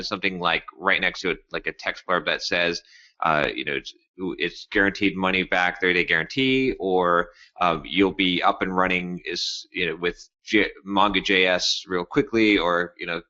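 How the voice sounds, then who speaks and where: A man's voice: low voice, bright, forceful tone. A man co-hosting a podcast in casual chat, rambling with many fillers and restarts. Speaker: podcast co-host. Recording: dull lo-fi audio.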